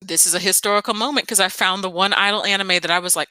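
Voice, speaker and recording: A woman's voice: medium pitch, no echo. A young woman co-hosting a podcast, chatting casually with emphatic asides. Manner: animated, emphatic, quick asides. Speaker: podcast co-host.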